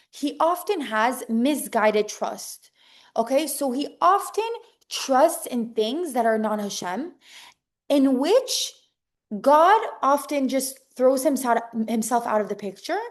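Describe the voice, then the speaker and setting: A young woman giving an informal religious class to women, emphatic and animated, often checking in with "okay?" and repeating her key phrases. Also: on the high side.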